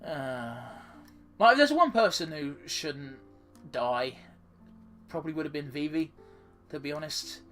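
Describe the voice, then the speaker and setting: A man's voice: a little high, lively intonation, measured pace, pauses often, sharp tone, faint music behind. A man giving casual commentary over a video game playthrough, swearing freely and reading game text aloud. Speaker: let's play gamer.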